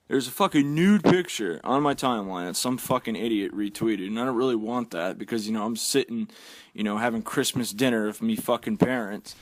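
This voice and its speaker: A man's voice: fairly low pitch, no room sound. Blunt, foul-mouthed man ranting. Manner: blunt, heavily profane, exasperated. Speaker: vlogger. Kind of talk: profane rant.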